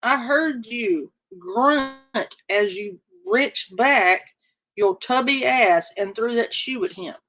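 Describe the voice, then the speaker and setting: A woman's voice: fairly high pitch, slow pace, a bit bright. A woman reacting to clips for a chat audience, sarcastic and incredulous. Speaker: reaction commentator. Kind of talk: casual reaction commentary.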